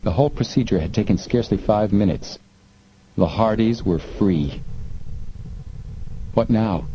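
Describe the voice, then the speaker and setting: A man narrating an audiobook in a measured, steady manner. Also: fairly low pitch, lo-fi sound, slight background noise. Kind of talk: scripted narration.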